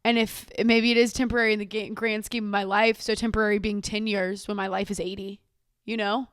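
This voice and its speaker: A woman's voice: mid-range voice, little pitch movement, a little fast, smooth, no echo. Young woman podcaster pouring her heart out, repeats herself, dry close sound. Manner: emotional, rambling, repeats words. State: tearful at times. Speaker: podcast host. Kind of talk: candid personal monologue. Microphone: own camera.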